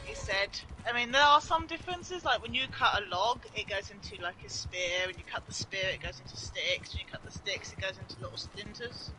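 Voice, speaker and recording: A young woman chatting as a guest on a stream, telling a story in an animated, giggly way and acting out what people said. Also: mid-range voice, brisk, hardly any pauses, background noise. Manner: animated, giggly, acts out quoted dialogue. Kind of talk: casual storytelling chat.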